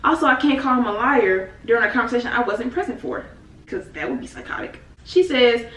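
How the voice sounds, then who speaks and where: A woman's voice: fairly high pitch, a little fast. Young woman telling a story in an echoey room. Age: young adult. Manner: animated, dramatic retelling with slang. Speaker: vlogger. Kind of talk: casual storytime. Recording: echoey room, mic at a distance, faint noise.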